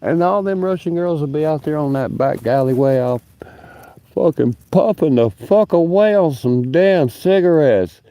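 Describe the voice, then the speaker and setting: A man's voice: on the high side, lively intonation, normal speed, warm tone, no room sound. A man rambling through stories on a livestream from his backyard, swearing and laughing as he talks. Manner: profane, laughing, drawling. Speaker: livestream host, union stagehand. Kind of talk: rambling casual storytelling. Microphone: phone camera set down nearby.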